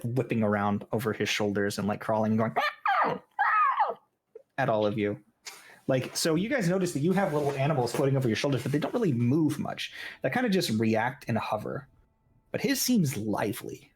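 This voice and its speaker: A man's voice: medium pitch, lively intonation, brisk, a little mellow, a little hiss or hum. A man narrating a tabletop game as game master, in a casual style with frequent "like" fillers.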